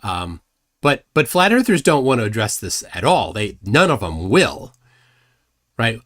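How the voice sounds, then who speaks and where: A man's voice: mid-range voice, big pitch swings, measured pace, fairly bright tone. A middle-aged man hosting a live stream, rambling and self-deprecating with many restarts. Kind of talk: casual live commentary.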